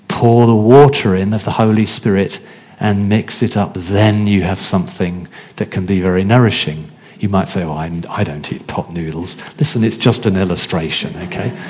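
Male preacher, lowish voice, easy conversational sermon that keeps checking in with the room. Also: darkish tone. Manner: conversational, asks the congregation questions.

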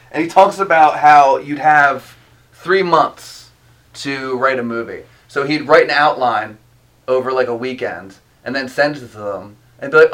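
A man's voice: medium pitch, normal speed, fairly bright tone. A young man co-hosting a podcast, chatting loosely, joking and swearing freely. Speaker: podcast co-host. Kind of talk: casual chat.

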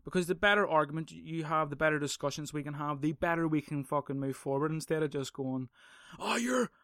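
A man's voice: a little high, fairly even intonation, quick pace, a bit bright, no room sound, clean studio sound. A young man hosting a casual solo podcast, swearing, rambling and sarcastic. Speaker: podcast host.

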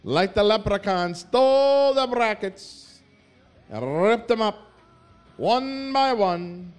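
A man hamming up a stage Irish brogue, lilting and drawn out, his pitch riding high and swooping widely with every line. The delivery is slow, singsong and comic. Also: lively intonation, clear, resonant tone, faint music behind. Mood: playful. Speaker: podcast host.

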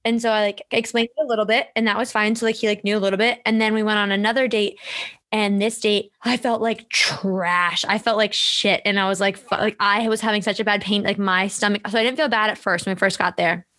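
A woman's voice: medium pitch, fairly even intonation, a little fast, fairly bright tone. A young woman hosting a podcast, talking candidly in casual chat, full of fillers and the odd swear. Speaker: podcast host.

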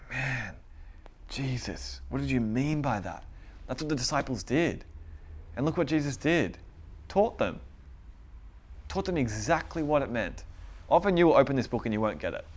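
In a mid-range voice, a man delivers a sermon in an easygoing, conversational style. He often repeats phrases, laughs between points, and gets louder when urging his listeners.

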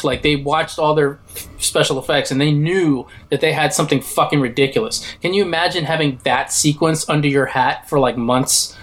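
An excitable man on a casual film podcast, with a slightly higher voice. He swears freely and gushes about his favorite scenes. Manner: enthusiastic, swearing, acts out quotes. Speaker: podcast co-host.

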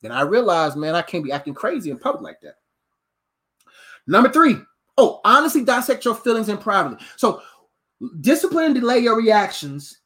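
A man's voice: sits high, fairly quick. A male preacher who swings his voice up and down as he tells funny, slangy stories from the pulpit. He talks to the crowd like friends, jumping between teaching and tall tales. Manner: animated, humorous storytelling, conversational slang. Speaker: preacher and coach. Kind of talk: sermon.

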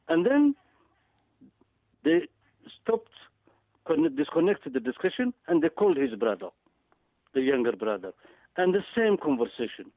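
A man speaking down a tinny, dry phone line, his pitch riding a little high and swinging widely as he presses his points. He talks with urgent emphasis, doubling back on words and filling pauses with hesitant sounds. It sounds like a guest calling in to make a case. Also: big pitch swings, no room sound. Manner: emphatic, repeats words, frequent hesitant fillers. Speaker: guest analyst. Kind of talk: impassioned political commentary.

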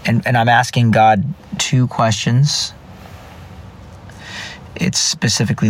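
Earnest man, lowish voice, personal faith vlog, repeats himself, restarts sentences. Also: level tone, measured pace, pauses often, a little hiss or hum. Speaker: vlogger. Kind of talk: personal faith reflection to camera.

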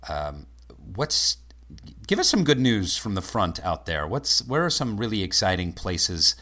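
A man's voice: fairly low pitch, big pitch swings, measured pace, pushed and bright. A man co-hosting a casual podcast, teasing and asking questions playfully. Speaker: podcast co-host. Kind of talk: casual conversation.

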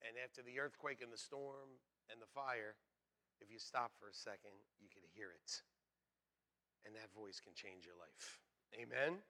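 Bright-voiced male pastor preaching. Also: mid-range voice. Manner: swings from hushed to loud and shouting. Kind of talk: sermon.

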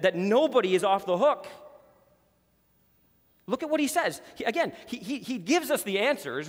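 A man's voice: sits high, big-room sound. A man preaching a sermon as pastor, emphatic and repeating words for stress.

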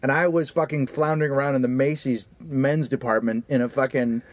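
A man's voice: medium pitch, fairly even intonation, fairly quick, dry recording. A middle-aged man co-hosting a casual chat show, telling stories in a rambling, profane way. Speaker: podcast co-host.

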